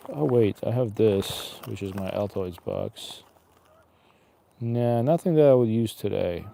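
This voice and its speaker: A man's voice: lowish voice, normal speed, vocal fry, dark tone, slight background noise. A man chatting casually and wryly to himself and passersby while fishing outdoors by an icy river, streaming live. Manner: rambling, wry, talks to himself and passersby.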